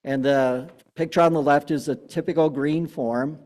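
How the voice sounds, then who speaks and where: A man's voice: fairly high pitch, fairly even intonation, normal speed, darkish tone. A man giving a casual public talk on plants, chatty with many fillers and restarts. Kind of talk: public gardening talk with slides. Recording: long hall reverb.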